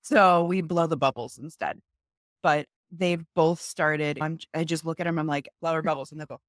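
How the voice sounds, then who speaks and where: A woman's voice: low-pitched, fairly even intonation, moderate pace, dry recording, studio quality. A young woman and mother of two, a guest in a casual interview, talking earnestly over a video call and acting out her talks with her kids.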